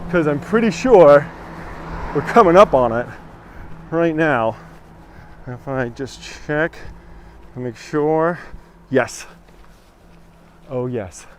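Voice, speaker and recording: Strolling along a village street, a man with a rather high voice runs a live walking tour, cracking jokes and responding to comments along the way. Traffic hums faintly in the background.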